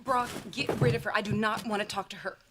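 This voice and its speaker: A woman's voice: mid-range voice, steady tone, fast talker, very noisy. A woman playing a chirpy, eager sitcom character. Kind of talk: sitcom acting.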